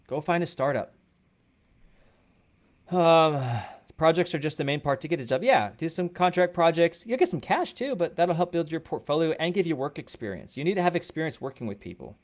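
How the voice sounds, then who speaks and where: A man's voice: fairly high pitch, animated, brisk. A man hosting a coding livestream, answering viewer questions in a loose, conversational way with blunt advice and plenty of fillers. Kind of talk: casual livestream Q&A, reading chat questions. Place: indoor studio room.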